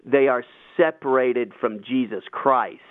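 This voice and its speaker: A man hosting a radio talk show, explaining Bible passages in an animated, emphatic way. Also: medium pitch, unhurried. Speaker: radio host. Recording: tinny phone-like line, dry.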